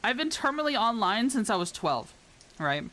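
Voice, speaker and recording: A woman's voice: on the high side, sing-song, moderate pace, a bit bright. A woman from the American South chatting casually with viewers as a streamer while she builds a model. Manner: rambling, chatty, talks to viewers. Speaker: VTuber streamer.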